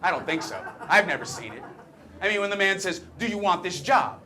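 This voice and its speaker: A man's voice: sits high, big pitch swings, brisk, crowd noise. A man playing a brash wisecracking talking penis. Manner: cocky stand-up patter, teasing the audience. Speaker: stage performer. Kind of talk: stage comedy monologue.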